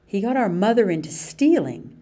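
A woman reading an audiobook, voicing a furious, scornful teenage girl in a sharp, raised voice. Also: mid-range voice, sing-song, normal speed, voice pushed up.

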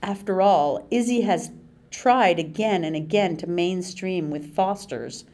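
A bossy caretaker with a shrill, sugary, falsely bright voice, as a woman reads her. She talks high and loud, sweet on top and hard underneath, in a slow storybook reading. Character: bossy cloying female caretaker.

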